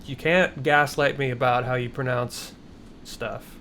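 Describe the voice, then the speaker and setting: Joking New gaming streamer. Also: male voice, mid-range voice, steady tone, unhurried, fairly bright tone, slight background noise. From New Jersey. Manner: joking, profane, rambling. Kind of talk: casual gaming stream commentary. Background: game music.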